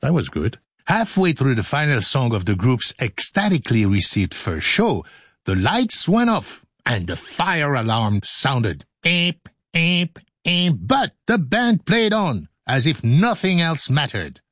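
A man's voice: mid-range voice, huge pitch swings, measured pace, breathy edge, no echo. An older man hosting a radio show, clowning through studio outtakes in a playful, joking way. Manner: playful, clowning, breaks into silly singing and laughs.

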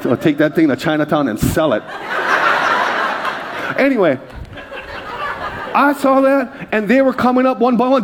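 A man with a high voice delivers a sermon from a church stage. He talks in a conversational way and tells his story with energy. He often corrects himself mid-sentence. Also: expressive, moderate pace, pauses often, heavy background noise. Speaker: pastor. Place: church stage before a congregation.

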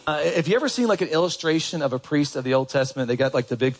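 Animated, conversational male pastor preaching. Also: rapid-fire. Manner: conversational, asks the congregation questions; animated, jumps up in pitch for emphasis. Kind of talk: sermon.

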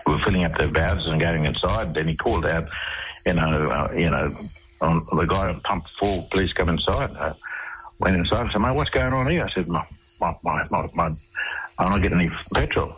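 Deep-voiced Australian man telling his story. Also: fairly quick, fairly bright tone, slight background noise, poor audio. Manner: rambling, with many restarts and repeated words. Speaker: interview guest. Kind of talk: casual radio interview storytelling.

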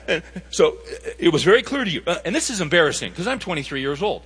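High bright-voiced preacher in a hall. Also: male voice, big pitch swings, quick pace, husky. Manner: emphatic, rhetorical questions to the audience. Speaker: pastor. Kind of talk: sermon. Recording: reverberant hall sound.

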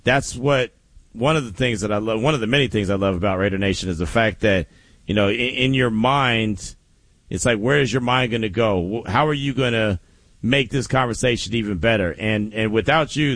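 A man's voice: lowish voice, brisk, dry recording. A man hosting a daily sports talk show, telling stories casually with frequent laughs. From Oakland. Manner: animated storytelling with frequent laughs.

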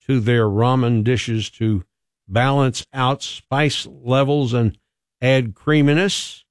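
A male radio co-host chats casually in an easygoing way, reading a food news item and tossing in joking asides. His voice is medium-pitched and smooth, recorded at studio quality with no room sound.

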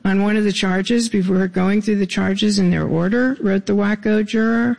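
A man's voice: high voice, fairly even intonation, normal speed, vocal fry, a little mellow, poor audio. A man from Louisiana reading his own personal essays aloud, with wry, dry asides between passages.

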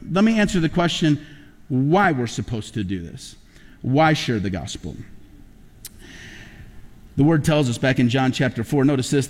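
A man preaching a sermon as pastor, telling stories and building to emphatic peaks. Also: medium pitch. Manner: animated storytelling preacher, rising to emphatic peaks. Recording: long hall reverb.

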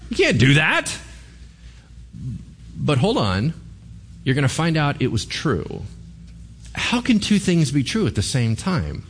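A man's voice: on the high side, big pitch swings, a little slow, a little hiss or hum. A male pastor preaching a sermon, retelling a Bible story in casual slang and acting out the characters' lines.

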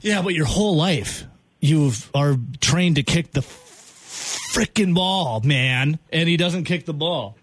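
A man hosting a sports talk radio show, ranting in exasperation, his voice jumping high when he gets worked up. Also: takes it slowly, husky. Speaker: radio host.

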